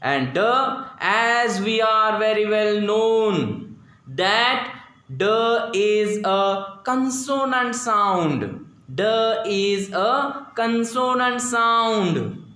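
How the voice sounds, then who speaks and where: A male school teacher with an Indian English accent giving a slow, repetitive grammar lesson in a classroom, drilling pronunciation aloud. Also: sits high, expressive, pushed and bright. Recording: echoey classroom, very roomy.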